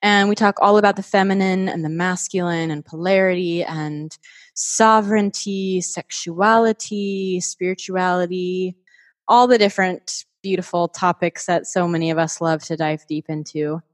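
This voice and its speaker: A woman's voice: on the low side, fairly even intonation, moderate pace, no room sound, studio quality. A woman guest on a podcast, talking in a chatty, enthusiastic way with many filler words. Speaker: podcast guest and host of her own show. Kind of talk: casual podcast conversation.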